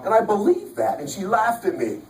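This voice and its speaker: A motivational speaker whose creaky voice sits high swings wildly in pitch while talking at a normal pace. He emphatically tells an audience his life story and repeats key lines, recorded by a distant mic in an echoey large event hall.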